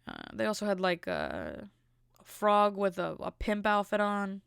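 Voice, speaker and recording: A woman's voice: medium pitch, huge pitch swings, measured pace, gravelly, a bit bright, clean tone, no echo, studio quality. Exasperated rambling woman podcast host. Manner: rambling, exasperated comic rant with many fillers. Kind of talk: casual comedic chat.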